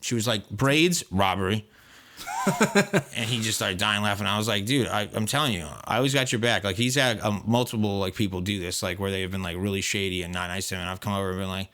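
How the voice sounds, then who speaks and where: A man co-hosting a podcast, telling a workplace story in casual, profane, animated chat. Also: on the low side. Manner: profane, animated retelling with quoted voices; fast, rambling with fillers. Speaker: podcast co-host.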